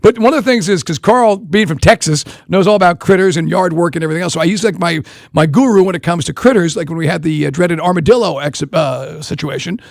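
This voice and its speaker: A man co-hosting a sports radio show, telling stories in an animated casual chat from a studio microphone. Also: fairly high pitch, vocal fry, dry recording. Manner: animated storytelling, quick and chatty.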